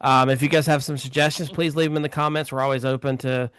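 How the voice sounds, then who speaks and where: A man's voice: mid-range voice, flat delivery, quick pace, fairly bright tone, clear, resonant tone, no room sound. A man hosting a casual film podcast, talking in a chatty, rambling way. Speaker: podcast host.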